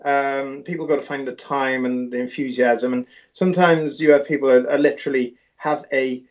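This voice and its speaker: British male author-investigator, mid-pitched, animated storyteller, muffled recording. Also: normal speed. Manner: animated, rambling with restarts. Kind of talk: interview storytelling.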